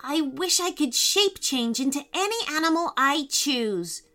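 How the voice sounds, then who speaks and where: Storybook: a woman as a spirited young girl, bright and lively, quick to get cross. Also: high voice, pitched above the performer's own voice, full character voice.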